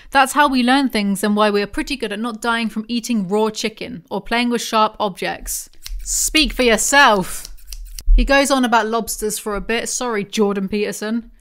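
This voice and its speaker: A woman's voice: fairly high pitch, a bit bright. A young woman YouTuber reading from a book aloud and breaking off into sarcastic, mocking asides. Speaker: YouTube commentator.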